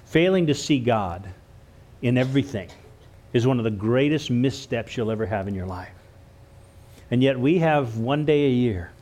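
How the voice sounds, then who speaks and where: A man's voice: medium pitch, a little mellow. A man preaching a church sermon, earnest, stumbling over and repeating words as he goes. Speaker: pastor.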